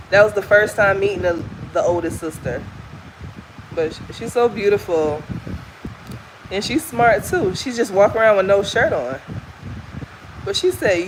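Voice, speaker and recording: A woman's voice: mid-range voice, noisy background. Chatty Southern American woman vlogging. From Southern United States. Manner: candid, chatty, folksy. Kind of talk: casual chat while walking. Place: outdoors on a walk.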